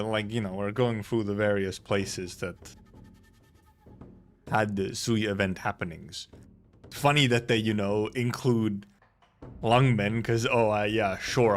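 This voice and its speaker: A man's voice: lowish voice, fairly even intonation, measured pace. A man streaming a live read-through of a game story, reading the lines plainly and breaking off for wry, chatty asides. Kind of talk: casual live reading with commentary.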